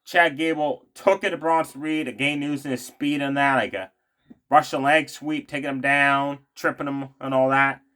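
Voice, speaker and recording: A man talks through a wrestling recap in a loose, chatty way. His voice sits at an ordinary middle pitch. He keeps circling back with fillers and tossing in his own opinions as he goes. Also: flat delivery, normal speed, pushed and bright. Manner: rambling, many fillers, opinionated asides. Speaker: wrestling show recap vlogger. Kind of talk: casual spoken recap.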